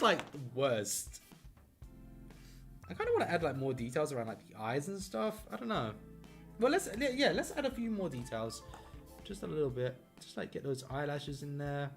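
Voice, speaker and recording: In a fairly high, slightly bright voice, a man chats casually on a live stream as he draws in his home art studio. He's an upbeat rambler who often mocks himself and uses lots of fillers.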